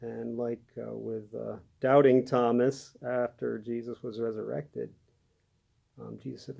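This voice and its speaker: A man giving a gentle, halting devotional talk as a pastor, with many pauses and fillers. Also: medium pitch, level tone. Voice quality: gravelly.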